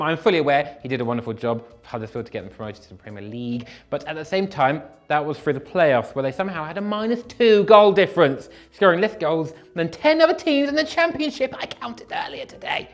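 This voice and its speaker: A young man hosting a casual, comedic show that reads viewer comments, self-deprecating and given to animated bursts. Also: on the high side, a little fast, hardly any pauses, faint music behind. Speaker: host reading viewer comments.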